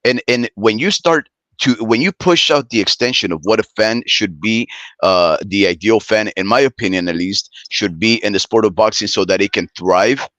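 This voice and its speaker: A man's voice: on the low side, moderate pace, a bit bright, dry recording. A man hosting a casual boxing podcast, explaining his views at length in a rambling way. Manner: rambling, many fillers and restarts, explanatory.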